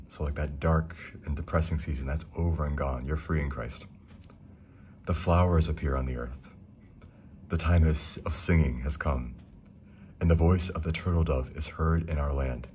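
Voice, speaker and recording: A young man giving a casual, rambling devotional talk, reading verses slowly and enthusing between them. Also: extremely low pitch, darkish tone, slight background noise. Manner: reads scripture slowly. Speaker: Christian speaker.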